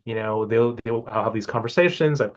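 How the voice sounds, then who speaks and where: A man's voice: medium pitch, a little fast. A man in his fifties from Hawaii, speaking in a casual, reflective interview and often restarting his sentences. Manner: hesitant, many restarts and fillers. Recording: muffled lo-fi recording.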